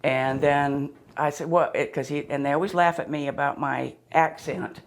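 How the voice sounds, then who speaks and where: Older woman guest in her seventies with a gravelly voice and a wry, rambling way of telling stories. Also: deep voice, fairly even intonation, normal speed. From born in Pennsylvania, raised in southwest Florida. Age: 70s. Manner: wry and joking, rambling with restarts. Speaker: interview guest. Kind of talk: casual storytelling.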